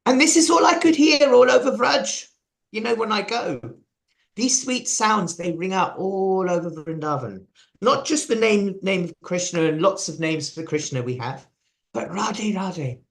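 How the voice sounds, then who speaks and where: A man's voice: high voice, unhurried, gravelly, fairly bright tone. A man with an English accent giving a chatty devotional talk, sharing stories and asking the audience questions. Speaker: preacher.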